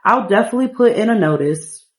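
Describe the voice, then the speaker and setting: A woman voicing a caring female lawyer friend in a life-sim game, speaking in a brisk, reassuring way. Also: mid-range voice, expressive, natural voice, poor audio.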